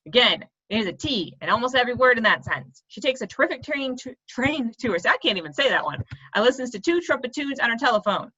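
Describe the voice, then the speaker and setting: A woman's voice: a little high, sing-song, quick pace, sharp tone, slightly rough, lo-fi sound. A woman teaching a lesson for children, speaking playfully and laughing at herself when she stumbles over tongue twisters. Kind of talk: video lesson for kids.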